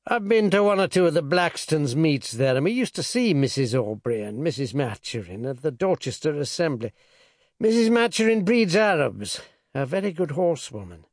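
A man's voice: on the high side, big pitch swings, moderate pace, no room sound, clean studio sound. A man voicing a genial older naval lieutenant and father, who talks in a hearty, conversational way. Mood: gossipy.

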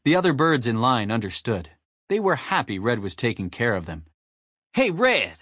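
Male narrator for a kids' audiobook: animated, husky, dry studio sound. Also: medium pitch, a little fast, dry recording. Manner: animated, storytelling. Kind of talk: scripted narration.

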